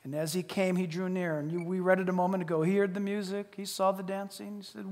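A male pastor preaches with animated, dramatic storytelling, swinging from booming exclamations to near-whispers. His voice sits high for a man, and a long church reverb hangs behind every phrase. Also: fast, few pauses. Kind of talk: sermon.

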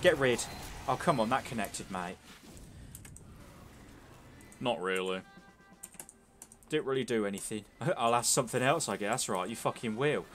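A man's voice: medium pitch, expressive, unhurried, pauses often, a bit bright, soft background music. A young man giving casual, sweary, joking commentary while streaming a game.

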